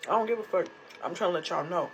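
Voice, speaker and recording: A woman's voice: lowish voice, fast talker, slight background noise, rough recording. A young woman sharing a personal story casually to her followers, candid and blunt, swearing freely. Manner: candid, blunt, profane, emotionally raw. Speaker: storytime creator.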